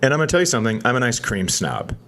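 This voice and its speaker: Brief: male podcast comic, rambling anecdote, self-mocking, deadpan punchlines. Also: medium pitch, very fast. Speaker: podcast co-host telling a story. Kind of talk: comedic storytelling on a podcast.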